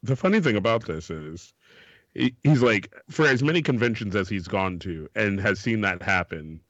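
Laughing, swearing podcast host. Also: male voice, on the low side, expressive, normal speed, fairly bright tone, no echo, dull audio. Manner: laughs often, swears, acts out quoted people. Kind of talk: casual chat.

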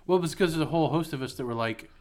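A man's voice: fairly high pitch, rapid-fire, a little mellow. Jokey, crude male podcast co-host. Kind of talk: casual comedic chat.

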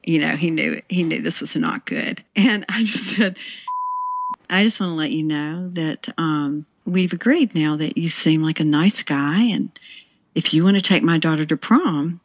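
A middle-aged woman telling a family story in a casual interview, acting out the dialogue with lively laughter. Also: sits low, measured pace, dry recording. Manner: animated, acts out quoted dialogue, laughs often. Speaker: interview guest. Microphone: handheld recorder.

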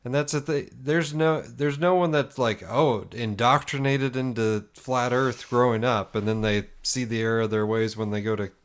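A man co-hosting a podcast, talking in a halting, searching way with many restarts. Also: mid-range voice, steady tone, smooth. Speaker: podcast co-host. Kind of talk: casual podcast talk.

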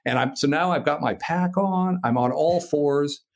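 A man's voice: fairly high pitch, moderate pace, gravelly. An American man telling a story casually, swearing freely and acting out voices and sound effects. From United States. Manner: animated, profane, acts out voices and sound effects.

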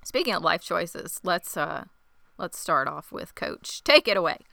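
A woman co-hosting a podcast in casual chat, chatty and teasing, quick to laugh. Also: on the low side, sing-song, gravelly, sharp tone, no room sound, studio quality. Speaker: podcast co-host.

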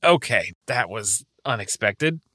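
A man's voice: lowish voice, expressive, measured pace, background noise. A young man in casual comedic role-play, playful, hesitant and easily flustered.

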